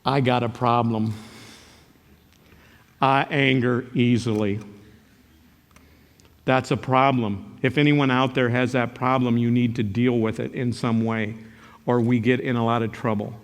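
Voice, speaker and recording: A man's voice: mid-range voice, a little slow, pauses often. Older man with a reverberant hall sound. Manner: animated storytelling, joking, sudden loud outbursts. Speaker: character education teacher and speaker. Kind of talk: motivational talk to a live audience.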